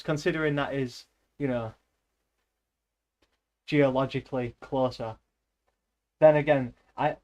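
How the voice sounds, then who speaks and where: A man's voice: on the high side, a little mellow. A man chatting casually, rambling, laughing often and swearing between bits of reading aloud. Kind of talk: casual chat.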